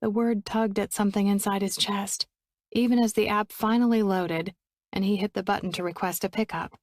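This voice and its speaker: A woman narrating a romance audiobook in a steady, even storytelling voice on a close studio mic. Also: mid-range voice, moderate pace, no echo.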